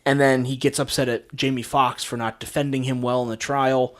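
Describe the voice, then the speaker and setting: A man's voice: medium pitch, level tone, a little fast, a bit bright. A man co-hosting a casual movie podcast, rambling through his thoughts with many fillers and restarts and laughing easily. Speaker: podcast co-host.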